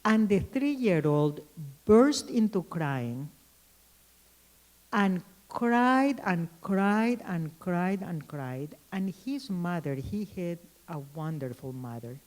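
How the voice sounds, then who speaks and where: Slow, mellow woman giving a lecture. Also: fairly low pitch, lively intonation, poor audio. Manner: thoughtful, pauses with ums and restarts. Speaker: keynote speaker. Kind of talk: conference lecture with anecdotes.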